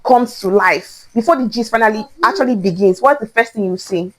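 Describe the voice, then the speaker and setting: A young woman with a Nigerian accent, her voice sitting a little high. She talks in an excitable, playful way, leaning on repeated phrases as she hosts a casual teaching chat. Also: fast talker. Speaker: host.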